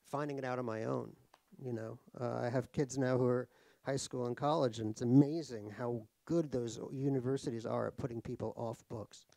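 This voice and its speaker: A man's voice: mid-range voice, steady tone, normal speed, creaky, warm tone, no echo. Middle-aged new guy, author telling self-deprecating stories, lots of ums and restarts, dry close sound. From United States (New York). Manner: wry, self-deprecating, laughs at his own jokes; rambling, with many fillers and restarts. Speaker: author guest in a stage conversation. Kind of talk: comic anecdotal storytelling. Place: live talk at a cultural center.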